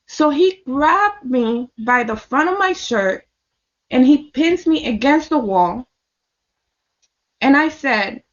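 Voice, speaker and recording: A woman's voice: high-pitched, animated, takes it slowly, pauses often, dull audio. A woman telling a personal story in blunt, casual speech, swearing heavily and repeating lines for emphasis. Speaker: storyteller recounting her experience. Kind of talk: casual spoken testimony.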